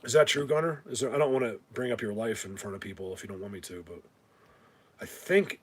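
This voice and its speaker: A man's voice: fairly low pitch, quick pace. A man hosting a casual livestream, rambling and stammering as he thanks viewers, bothered by a whistling ringing in his ears. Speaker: livestream host.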